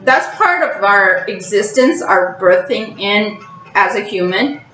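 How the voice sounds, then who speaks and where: Animated woman in an echoey room. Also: medium pitch, slow pace, soft background music. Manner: animated, acts out emotional outbursts. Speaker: tarot channel host. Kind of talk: casual spiritual monologue.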